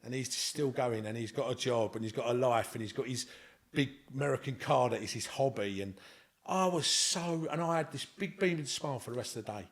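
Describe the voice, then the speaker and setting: A man's voice: medium pitch, a little fast, gravelly. A man with a London accent tells a long personal anecdote as a podcast guest. His delivery is casual and heartfelt, circling back on itself as he goes. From Scotland. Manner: earnest, rambling anecdotal storyteller. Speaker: interview guest. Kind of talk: casual storytelling.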